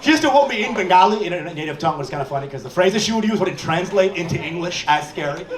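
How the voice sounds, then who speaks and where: A man doing stand-up comedy, telling animated stories with put-on voices in a comedy club. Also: high voice, quick pace. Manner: animated storytelling with character voices. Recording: echoey distant club sound, loud crowd laughter.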